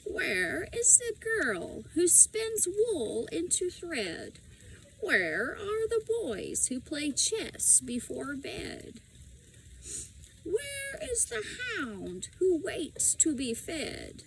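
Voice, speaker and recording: A feeble old village woman with a cracked, quavering voice chants her rhymes slowly, pitched high and unsteady, as a woman reading a storybook puts her on. Each line stretches out into a fearful sing-song. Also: huge pitch swings, gravelly, background noise, exaggerated voice. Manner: slow sing-song rhyming.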